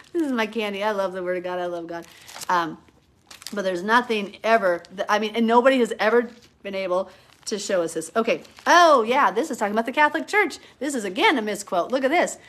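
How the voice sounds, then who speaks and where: A woman's voice: medium pitch, a little fast, a bit bright. A woman giving a live-streamed Bible teaching, fervent and emphatic, arguing her points with rising intensity. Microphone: phone or webcam, live stream.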